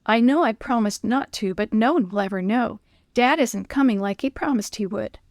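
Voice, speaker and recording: A woman's voice: a little high, normal speed, no echo, clean studio sound, natural voice. A woman reading a children's story aloud, voicing a young boy who cries out when he gets into trouble. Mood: eager. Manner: excited shouts and frightened cries for help. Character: young boy, impulsive and then scared.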